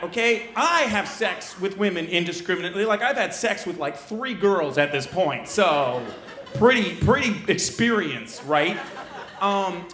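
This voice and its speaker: A man doing stand-up comedy, telling a story in a brash, animated, self-mocking way. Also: high-pitched, unhurried, echoey room.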